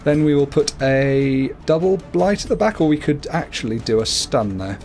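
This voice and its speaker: Over music, this male gaming streamer talks at normal speed with an expressive delivery, offering chatty, playful commentary on his game. Now and then he switches to a high cooing voice for his cat.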